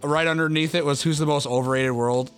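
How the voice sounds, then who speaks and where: A man's voice: on the high side, steady tone, fast talker, soft background music. A man co-hosting a podcast in casual banter. He reads out search results and laughs often. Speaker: podcast co-host.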